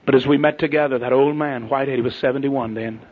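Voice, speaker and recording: A man preaching a sermon to pastors, telling folksy stories that swing from loud to hushed. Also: medium pitch, steady tone, fast. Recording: dull lo-fi sermon tape.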